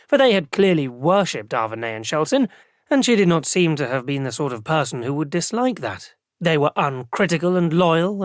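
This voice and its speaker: An audiobook narrator reading first-person fantasy narration in a measured, formal way. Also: mid-range voice, no room sound. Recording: dry close studio recording.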